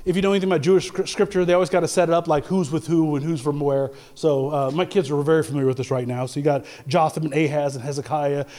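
A man's voice: a little high, fairly even intonation, quick pace, few pauses, dark tone. A man preaching a sermon in church, telling a funny personal story and building to emphatic preaching, acting out the lines he quotes. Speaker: pastor. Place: church with congregation.

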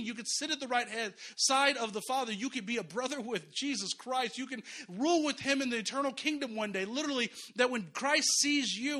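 A man with a high, bright voice preaches a sermon in a church. He talks to the congregation conversationally, chuckling now and then and repeating his key phrases. His tone has a forceful, sharp edge. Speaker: pastor.

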